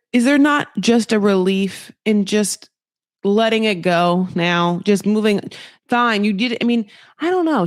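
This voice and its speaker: A woman's voice: medium pitch, no echo, clean studio sound. A woman hosting a podcast, recapping reality TV in a chatty, gossipy way, full of asides and quoted voices. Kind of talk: casual chat.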